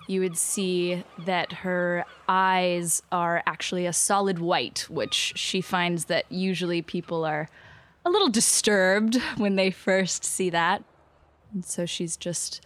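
A woman's voice: fairly low pitch, steady tone, measured pace. A woman player describing her character at a tabletop game, laughing often and swearing in asides.

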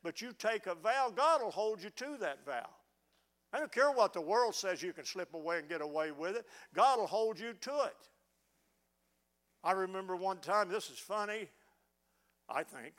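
A man's voice: high-pitched, lively intonation, normal speed, a bit bright. A middle-aged man preaching a fervent sermon, often stammering as he restarts words. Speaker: pastor. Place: church sanctuary.

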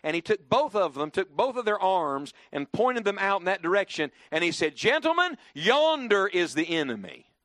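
A man's voice: high-pitched, lively intonation, moderate pace, hardly any pauses, a bit bright, no room sound, studio quality. A man preaching a sermon to a church congregation, swinging his voice up and down for emphasis and leading the crowd in call-and-response.

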